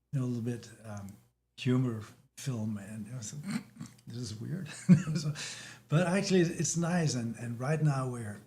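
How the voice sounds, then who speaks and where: A man from Denmark with a Danish accent, talking as a guest in a casual chat, halting with many restarts and fillers. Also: mid-range voice, mellow.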